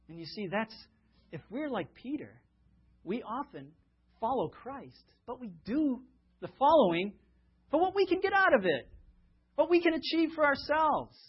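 Male preacher, conversational sermon, rhetorical questions, slightly high husky voice, dull lo-fi sound. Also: very animated, normal speed. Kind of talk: sermon with storytelling.

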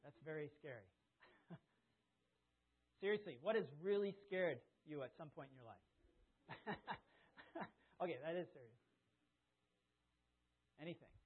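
A man preaching a sermon in a conversational, animated storytelling way, to a congregation he questions directly. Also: a little high. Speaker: pastor. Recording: tinny phone-like lo-fi sound.

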